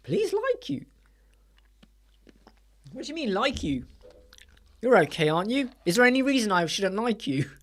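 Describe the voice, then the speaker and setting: A man's voice: sits high, very animated, brisk, fairly bright tone. Blunt male live-stream host, emphatic, rhetorical questions. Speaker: web design channel host. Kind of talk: live stream chat to viewers. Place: small dark soundproofed room.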